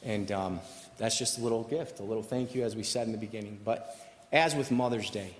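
A man's voice: on the low side, a little fast. A man preaching a sermon as pastor, emphatic and repeating his key phrases. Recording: echoey hall reverb.

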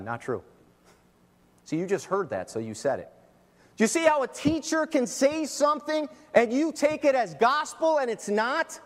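A middle-aged man preaching a sermon as pastor, emphatic, swinging between loud and soft. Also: sits high, sing-song, normal speed, long reverb tail. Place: church.

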